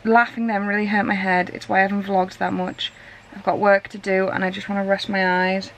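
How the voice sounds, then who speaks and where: A woman's voice: medium pitch, little pitch movement, a little fast, a little hiss or hum, poor audio. A woman vlogger chatting casually and rambling, self-deprecating, while suffering from a migraine. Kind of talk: casual chat vlog.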